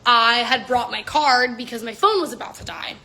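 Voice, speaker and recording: A young woman telling a story in an animated, casual way, swearing and saying "like" a lot. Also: a little high, moderate pace. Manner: animated, swearing, heavy use of "like".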